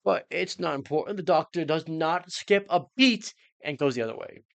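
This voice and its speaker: A man in a casual, jokey recap of a TV episode, rambling through his theories with sudden excited jumps in pitch. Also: normal speed, gravelly, no echo. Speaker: reaction channel host.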